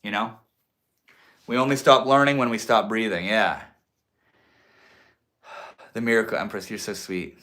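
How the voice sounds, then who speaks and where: Casting: young male streamer, slow unhurried delivery, casual swearing, reflective. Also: on the low side, steady tone, a bit bright. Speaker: livestream host. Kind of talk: casual livestream talk.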